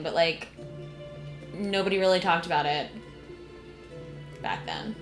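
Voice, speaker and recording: A young woman streaming a video game, chatting casually and emotionally with lots of fillers and soft laughs. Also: fairly low pitch, normal speed, long pauses. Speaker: gaming streamer. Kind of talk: casual let's-play commentary. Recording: echoey room, game music behind.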